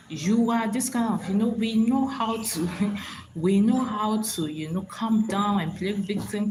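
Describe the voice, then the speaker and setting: On a low-quality recording with slight hiss or hum, a woman's medium-pitched, darkish voice delivers motivational advice on her live stream. She preaches, repeats herself, and keeps checking whether listeners understand.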